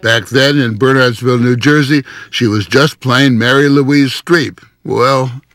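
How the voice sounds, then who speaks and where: Measured man narrating a news feature. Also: medium pitch, fairly even intonation, a bit bright, no room sound. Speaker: TV news correspondent. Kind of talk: scripted broadcast narration and interview.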